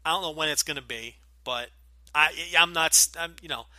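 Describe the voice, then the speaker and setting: A man with a New Jersey accent hosts a podcast Q&A in a bright, forceful voice that sits slightly high for a man. He talks bluntly and swears freely, dry and close to the mic. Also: normal speed, dry recording. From Northeastern US, New Jersey. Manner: blunt, profane, opinionated. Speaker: podcast host. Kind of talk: casual Q&A podcast.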